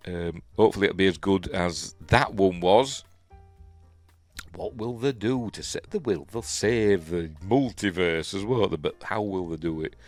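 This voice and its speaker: A man's voice: deep voice, no echo. A man with a Yorkshire accent, hosting a casual solo review, rambling and chuckling, often trailing off into a mumble. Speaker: show host and reviewer.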